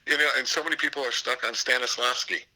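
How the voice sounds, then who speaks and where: An older man, a theater professor, telling anecdotes in an interview with an animated, storytelling manner. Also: mid-range voice, fast talker, poor audio. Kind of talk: storytelling interview over a call.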